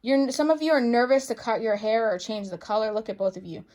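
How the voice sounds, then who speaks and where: Woman tarot reader, fairly high voice, playful, chatty, excitable. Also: brisk. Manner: playful, chatty, calls listeners baby girl and boo; excitable, gasps and exclaims over cards. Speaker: psychic medium tarot reader. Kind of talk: tarot card reading to viewers.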